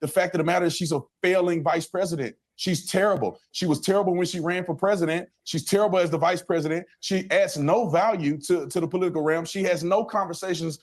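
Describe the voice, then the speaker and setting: A man's voice: high-pitched, fast, hardly any pauses. A man arguing insistently as a debate guest, repeating his points. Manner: insistent, repetitive. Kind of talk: heated debate.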